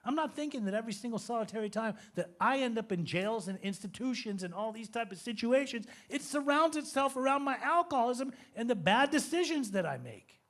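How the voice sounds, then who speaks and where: A man in his fifties giving a recovery testimony, telling his story in an animated, joking way. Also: very high voice, a little fast, hardly any pauses. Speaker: recovery speaker.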